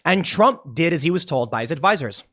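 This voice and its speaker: A man giving casual solo political commentary, animated and quick to slip into mocking voices. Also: on the high side.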